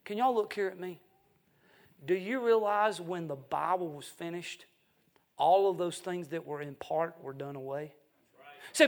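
High, gravelly-voiced fervent evangelist man. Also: lively intonation, moderate pace, a bit bright. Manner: fervent, emphatic preaching with folksy asides. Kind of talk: evening revival sermon.

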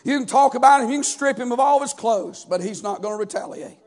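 A pastor delivers a sermon in a very high voice for a man. He preaches in a rhythmic, chanting cadence and punctuates his lines with "amen" and "uh". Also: quick pace, darkish tone.

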